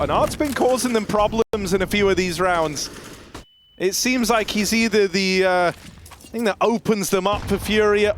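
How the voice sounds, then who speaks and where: A man's voice: high-pitched, fairly bright tone, a little hiss or hum. A man commentating a live esports match with dry, wry humor.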